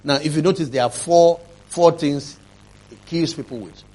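A man preaching a sermon, telling a testimony, swinging from quiet telling to loud, emphatic preaching. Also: moderate pace. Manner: rising to loud emphatic preaching, then dropping low.

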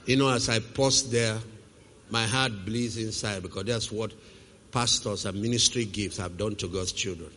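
A man preaching a sermon, who puts questions to the congregation and swings from forceful to hushed. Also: lowish voice, moderate pace, a little hiss or hum. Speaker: pastor. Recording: reverberant hall.

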